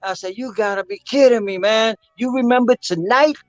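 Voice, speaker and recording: Animated older man telling stories. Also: high voice, fairly quick, no echo, muffled recording, soft background music. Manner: animated storyteller, acts out voices and sings rhythms. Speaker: percussionist guest. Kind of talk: storytelling interview.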